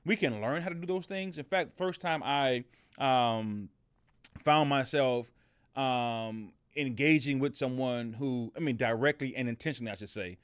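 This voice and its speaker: A man's voice: mid-range voice, normal speed, clean tone, dry recording, studio quality. A middle-aged man hosting a motivational podcast, telling a story in a casual way with many fillers and restarts. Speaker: podcast host.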